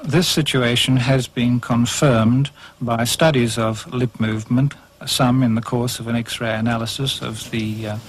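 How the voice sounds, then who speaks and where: Academic guy explaining slowly and carefully, faint hiss behind. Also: mid-range voice, fairly even intonation, rough recording. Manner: measured, academic. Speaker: language scholar. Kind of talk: interview explanation.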